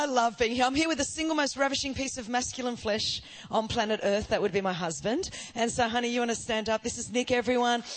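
A middle-aged woman with an Australian accent, preaching as a guest speaker in a fast, lively, joking manner. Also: on the high side. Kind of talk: sermon.

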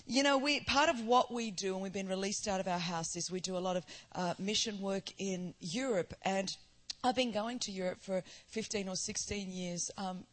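Lively Australian woman preaching. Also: medium pitch. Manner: fast, lively and joking. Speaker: guest preacher. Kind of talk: sermon.

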